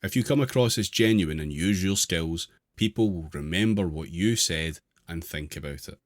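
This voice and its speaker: Man, very low voice, dry close recording, deadpan reading, podcast co-host. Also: moderate pace, dry recording. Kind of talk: reading aloud in casual chat.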